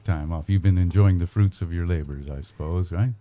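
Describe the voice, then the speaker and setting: A man's voice: deep voice, a little fast, narrow, tinny audio, noisy background. A man hosting a casual radio interview, folksy and rambling, with plenty of fillers and restarts. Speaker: radio host.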